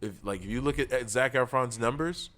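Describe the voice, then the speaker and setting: A man's voice: mid-range voice, a little fast, a bit bright. A man co-hosting a podcast in casual chat, insistent and repeating himself to make his points. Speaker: podcast co-host.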